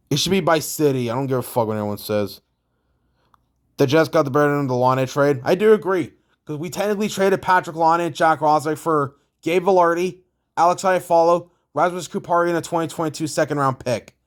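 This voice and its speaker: A man's voice: on the high side, fairly quick. A young man from Canada giving blunt, profane hockey opinions in a casual, rambling rant full of restarts. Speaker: hockey vlogger.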